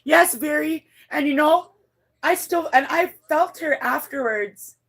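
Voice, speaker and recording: Gravelly-voiced woman telling a story on a livestream. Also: a little slow, fairly bright tone. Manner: rambling, blunt, swears freely, many restarts; emotional, voice climbs high when moved. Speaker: livestreamer reading her chat.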